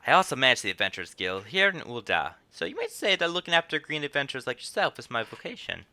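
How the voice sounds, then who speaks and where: A man's voice: medium pitch, big pitch swings, fast talker, bright, forceful tone, pitched above the performer's own voice, exaggerated voice. A man voicing a chatty female innkeeper who runs a guild, reading her lines in a drawl that drifts between put-on accents. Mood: folksy, storytelling.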